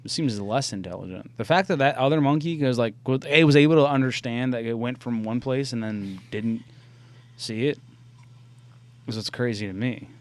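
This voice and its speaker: A young man co-hosting a podcast, casually chatting, laughing often and swearing as he tells animated stories. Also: mid-range voice, moderate pace. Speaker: podcast co-host. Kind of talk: casual chat.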